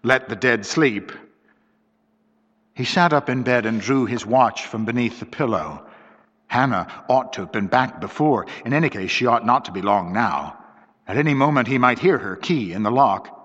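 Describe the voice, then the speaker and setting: A man narrating a mystery story in a measured, dramatic way, on a dull lo-fi recording with long reverb. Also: medium pitch, lively intonation, fairly bright tone.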